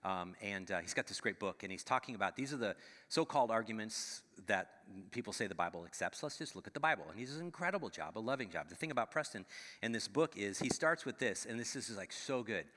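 A man's voice: lowish voice, animated, fast, a bit bright, in a large hall. A middle-aged man, a pastor, preaching a conversational sermon and checking in with the audience as he goes. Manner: conversational preaching with frequent "right?" asides. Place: church sanctuary.

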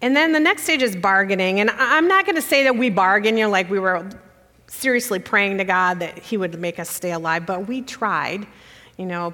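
A woman speaks to a congregation in a church sanctuary, her voice carrying a long hall reverb. She talks plainly and personally, emotional and close to tears. Her pitch sits in the middle of the usual female range. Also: expressive, normal speed, pushed and bright. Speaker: guest speaker.

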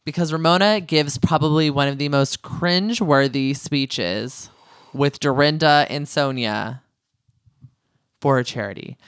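A man's voice: fairly high pitch, unhurried, a bit bright, clean tone, no room sound, clean studio sound. A man co-hosting a casual chat, telling the story with lots of acted-out quotes. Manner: chatty, storytelling with quoted voices. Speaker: podcast co-host. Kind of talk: casual chat recapping a reality show.

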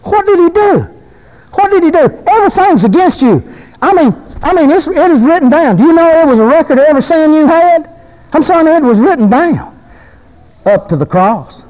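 A man's voice: extremely high pitch, big pitch swings, moderate pace, a little mellow, rough recording. A preacher man, delivering a fervent, folksy sermon full of repeated phrases.

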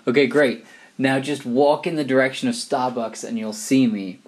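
A man's voice: mid-range voice, fairly even intonation, normal speed, lightly acted. A man voicing a London man on his cell phone, in a shaky attempt at a Cockney accent. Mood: brisk.

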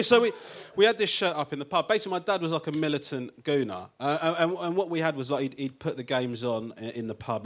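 A man's voice: fairly high pitch, a bit bright. A man, a comedian guest telling stories on a live show in a chatty, self-mocking way, often laughing at his own jokes. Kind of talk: comic storytelling on a live show. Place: theatre stage before a live audience.

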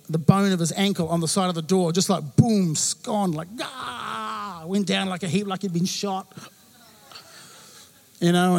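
Man, pastor, sermon, high pitched, animated storyteller, acts out quotes. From New Zealand.

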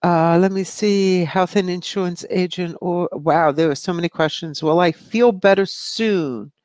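A woman's voice: lowish voice, measured pace, darkish tone, no echo. A middle-aged woman hosting a live psychic question show, reading out viewer questions in a breezy, chatty way and laughing often. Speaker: psychic medium show host.

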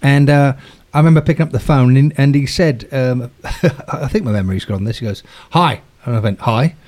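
A man's voice: medium pitch, fairly quick. A man who produces records, telling a story in casual conversation, laughing often and acting out the quotes. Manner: animated, acts out quotes with raised voice, laughs often.

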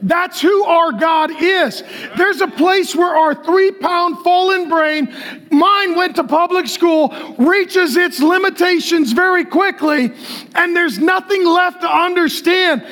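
A middle-aged man preaching to a large congregation, excitable and joking, often yelling as he talks. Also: very high voice, slow. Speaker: pastor. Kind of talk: energetic shouted sermon. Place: large church auditorium with a live congregation.

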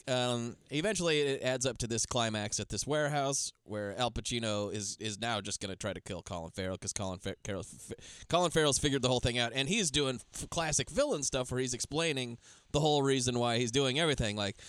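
A man talks through a movie plot in loose, rambling podcast chat, swearing freely and slipping into jokey impressions. His voice is bright and clear, recorded close and dry with no room sound. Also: mid-range voice, fast talker, hardly any pauses, dry recording. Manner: rambling, profane, with mocking impressions of movie lines. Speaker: podcast co-host. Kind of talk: casual chat, recapping a movie.

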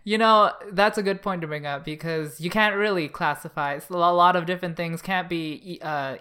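Young woman, low voice, blunt, sarcastic, casual debate, podcast co-host. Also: normal speed, bright, forceful tone, clear, resonant tone. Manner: blunt, argumentative, loose and sarcastic.

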